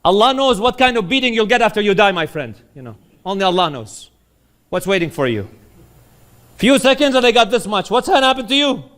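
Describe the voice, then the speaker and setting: A man's voice: sits high, very animated, fairly quick, fairly bright tone, pitched above the performer's own voice. A man playing an earnest wise fool. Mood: warning.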